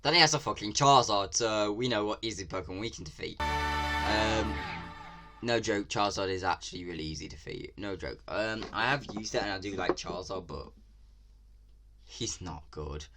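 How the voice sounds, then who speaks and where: A man from England with an English accent, giving casual reaction commentary as a video creator, excitable and ranting, swearing freely. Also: on the low side, moderate pace, music in the background.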